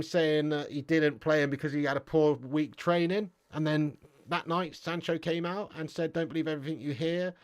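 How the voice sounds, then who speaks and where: A man's voice: on the high side, clean tone, no room sound, clean studio sound. Slangy, swearing English man on a live stream. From England. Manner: banter-heavy, swears freely, laughs often, slangy. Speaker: football livestream host reading chat. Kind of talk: casual live-stream chat.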